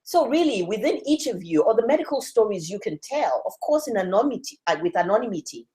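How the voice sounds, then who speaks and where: A woman's voice: medium pitch, big pitch swings, quick pace, mellow. A woman from West Africa giving an encouraging motivational talk to a room at a church learning session, firing rhetorical questions at her listeners.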